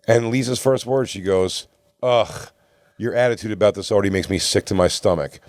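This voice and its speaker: Brief: male podcast co-host, lowish voice, dry close mic, rambling swear-filled anecdote. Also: brisk, dry recording. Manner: rambling, profane, animated quoting of others. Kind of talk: casual storytelling among friends.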